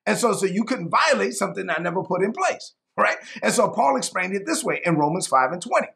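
A middle-aged male pastor preaches with a lively, rising-and-falling delivery. His voice is high for a man and carries a gravelly edge. He hammers home his points, repeating key lines slowly for weight. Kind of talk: sermon.

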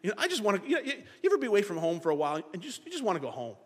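A man preaching a sermon in an animated way, acting out the thoughts of the people in his story. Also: high voice, very fast, breathy edge, big-room sound. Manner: animated, acts out characters' thoughts in dialogue.

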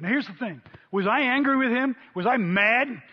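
A man preaching a sermon, telling a story with lively acted-out quotes. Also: very high-pitched, moderate pace, few pauses, husky. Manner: animated storyteller, voices quotes loudly. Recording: dull sound in a long-reverb hall.

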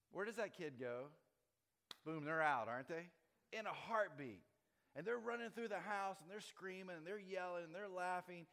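A man giving a sermon as pastor, conversational and animated, often repeating words as he tells stories. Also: on the high side. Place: church auditorium. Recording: long reverb of a large hall.

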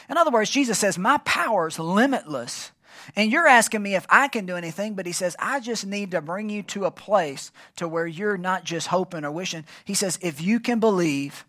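List: pastor, church sermon, emphatic, call-and-response, mid-pitched voice. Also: lively intonation, normal speed, fairly bright tone. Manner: emphatic, asks the congregation to fill in words. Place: church service.

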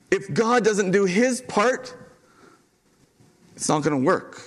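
A male pastor delivering a sermon with a fairly high, clear voice. He preaches earnestly, pressing his points by repeating them and letting pauses land. The delivery moves between quick, driving phrases and slower, weighty ones. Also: animated. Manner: earnest, emphatic repetition with dramatic pauses.

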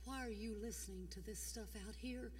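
An older woman pastor, preaching a fiery sermon. She swings between shouting and hushed tones in a folksy way. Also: a little high, fairly quick, recorded from a distance. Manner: folksy, repeats "come on". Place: church.

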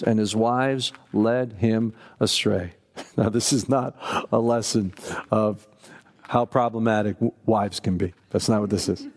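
A man of middle pitch leads a Bible study, reading long scripture passages before breaking off into emphatic commentary. His voice carries a long reverb from a large hall. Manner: reads scripture at length, then comments with emphatic asides.

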